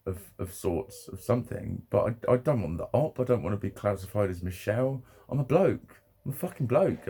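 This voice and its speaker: A man speaks in a low, gravelly voice with a dark, mellow tone. He rambles emotionally through a personal vlog, close to tears, laughing often and swearing freely. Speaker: vlogger.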